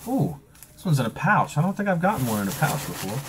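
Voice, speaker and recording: A man's voice: a little high, very animated, fast, a little hiss or hum. A man in his forties with an Eastern Shore of Maryland accent, chatting casually through an unboxing with a joking, rambling, self-mocking manner. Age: 40s. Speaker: pipe-collecting vlogger.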